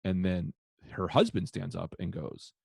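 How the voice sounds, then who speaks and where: A man, a comedian guest, telling heckler stories in casual podcast chat, profane and animated. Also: deep voice, measured pace, gravelly, slightly rough, no echo, studio quality. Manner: profane, animated, acts out shouted quotes.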